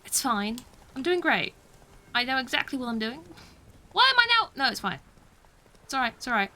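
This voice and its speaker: A woman's voice: fairly high pitch, expressive, a little fast, bright, forceful tone. A young British woman streaming a game, chatting casually, mocking herself and laughing often. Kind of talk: casual gameplay commentary.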